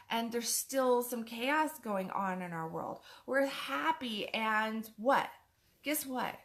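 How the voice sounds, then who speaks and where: A woman's voice: on the high side, a bit bright. A woman life coach giving a chatty motivational talk, repeating her points for emphasis. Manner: chatty, acts out other people's words.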